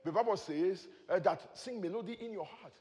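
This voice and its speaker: High-voiced preacher in a reverberant hall. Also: male voice, fairly quick. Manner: preaching with rising shouted praise and chuckles. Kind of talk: sermon.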